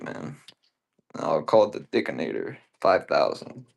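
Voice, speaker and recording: A man's voice: lowish voice, creaky. A man selling consoles and games on a live auction stream, chatting casually in a profane, rambling, joking way.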